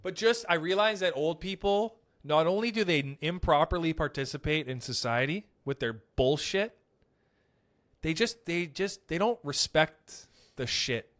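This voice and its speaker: A young man hosting a casual podcast, telling stories in an animated, profane way. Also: a little high, measured pace. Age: young adult. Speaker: podcast host; comedian.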